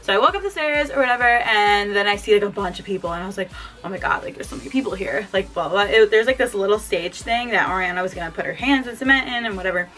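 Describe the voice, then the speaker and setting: A young woman vlogger telling an excited story at home, gushing and saying "like" constantly. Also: mid-range voice, quick pace, hardly any pauses, soft background music. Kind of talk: casual story time.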